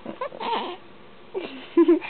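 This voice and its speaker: A woman's voice: very high-pitched, expressive, drawn-out words. A woman filming her baby with a handheld camera at home, cooing in sing-song baby talk and laughing often. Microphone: handheld home video camera. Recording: tinny lo-fi home video with hiss.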